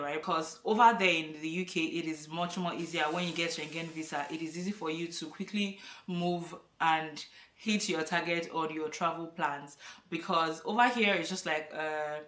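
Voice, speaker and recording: A woman in her thirties with a Nigerian accent vlogs to camera, chatty and emphatic and laughing often. Her voice sits on the low side with a fairly bright tone. The room is echoey and she's a bit far from the mic.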